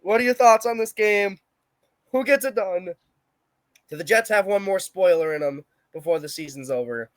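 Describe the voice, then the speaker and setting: Young guy cohosting a sports podcast, pretty high voice, brash and mouthy, dry close sound. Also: normal speed, no echo. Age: young adult. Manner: brash, opinionated trash talk. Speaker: podcast co-host. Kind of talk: casual sports chat.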